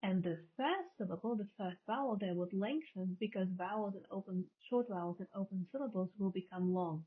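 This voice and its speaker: A woman's voice: mid-range voice, a little fast, few pauses, breathy edge. Female lecturer, patient explainer who restates each term; narrow phone-like recording. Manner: explanatory, repeats and rephrases terms. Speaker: linguistics lecturer. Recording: tinny phone-like audio.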